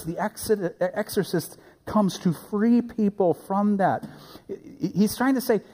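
A man preaching a sermon as a pastor, animated and playful, recorded in a church sanctuary. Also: fairly high pitch, big-room sound.

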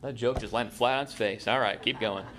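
A man preaching in a relaxed, conversational way, tossing in jokes for his congregation. His voice sits at a middle pitch for a man, and he speaks from a church sanctuary. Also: fairly quick. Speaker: pastor. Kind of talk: sermon.

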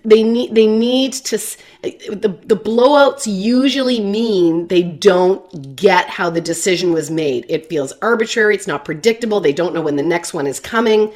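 A woman's voice: medium pitch, moderate pace, hardly any pauses, a little mellow. A woman counselor talking casually to parents, chatty and repeating her words as she acts out soothing lines to a child. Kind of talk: workshop talk.

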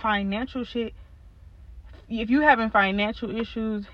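A woman's voice: a little high, steady tone, a little slow, dry recording, highs cut off. A young woman hosting a solo podcast, venting in a blunt, profane, exasperated way, laughing now and then. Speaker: podcast host.

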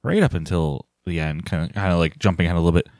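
A man's voice: deep voice, lively intonation, rapid-fire, a little mellow, no echo, clean studio sound. A man co-hosting a casual movie podcast, eagerly recounting scenes. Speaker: podcast co-host.

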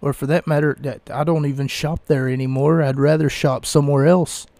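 A man's voice: fairly high pitch, fairly even intonation, a little fast, darkish tone, no room sound. A man hosting a casual solo podcast, talking in a rambling, hesitant way with dry wordplay. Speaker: podcast host.

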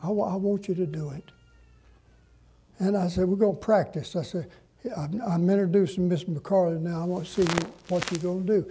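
An older man, a pastor telling stories in a sermon in a folksy, drawn-out way. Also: sits high, fairly even intonation, warm tone, a little hiss or hum. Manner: folksy, drawn-out preaching with dramatic pauses. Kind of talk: sermon storytelling.

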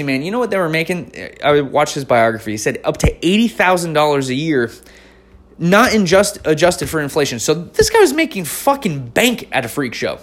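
A man in his forties hosts a podcast, telling stories in a casual, profane, slangy way and calling listeners "dude". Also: fairly high pitch. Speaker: podcast host. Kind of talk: casual storytelling chat.

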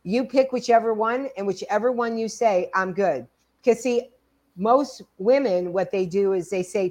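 A woman in her sixties co-hosting a podcast, telling stories in a casual, animated way. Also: medium pitch, moderate pace. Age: 60s. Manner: animated storytelling, acts out quoted dialogue. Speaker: podcast co-host. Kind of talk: casual conversation.

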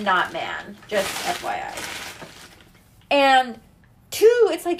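A woman's voice: a little high, wildly swooping pitch, very slow, pauses often, a little hiss or hum. A woman in her mid-thirties chatting casually to her viewers at home, ranting and swearing freely. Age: 30s. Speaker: vlogger. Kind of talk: casual chat to camera. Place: at home, kitchen sounds.

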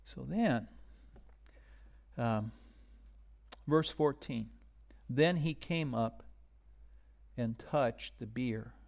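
A man preaching a sermon in a conversational way, rising to loud emphasis and dropping to hushed whispers. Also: mid-range voice, drawn-out words, creaky, pauses often. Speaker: pastor.

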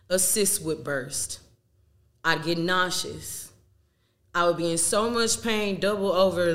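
Bright-voiced candid young woman. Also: lowish voice. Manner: candid, emphatic, uses slang and swearing. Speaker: podcast host. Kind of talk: casual talk to listeners.

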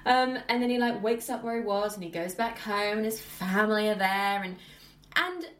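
A woman chatting casually about a film, animated and laughing often, acting out the characters' lines. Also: mid-range voice, normal speed, roomy sound. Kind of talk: casual film review chat.

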